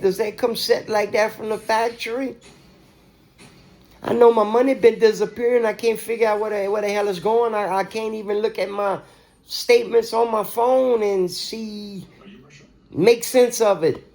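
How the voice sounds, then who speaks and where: A man in an agitated, profane and repetitive rant, talking straight to his viewers. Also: sits high. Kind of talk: ranting monologue to camera.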